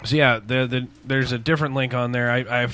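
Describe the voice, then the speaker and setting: A bright-sounding man hosts a casual podcast from his basement studio. He rambles through stories and swears freely, with a loose, laid-back delivery. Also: medium pitch, steady tone, a little fast, smooth. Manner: profane, rambling storyteller. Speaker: podcast host. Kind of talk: casual chat.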